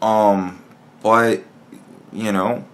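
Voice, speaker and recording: A man's voice: lowish voice, fairly even intonation, drawn-out words. A man talking alone in a casual podcast monologue, blunt and profane, rambling with frequent restarts. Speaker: podcast host.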